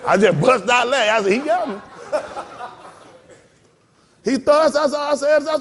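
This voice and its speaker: A man preaching a sermon as pastor in a folksy, animated way, slipping into mock voices and laughing along with the congregation. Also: very high-pitched, normal speed, long pauses.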